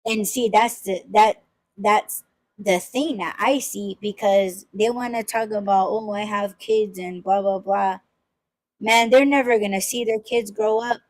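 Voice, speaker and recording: A woman's voice: mid-range voice, steady tone, unhurried, a little mellow, poor audio. A woman in casual podcast talk, blunt and profane, ranting and mimicking the people she criticizes.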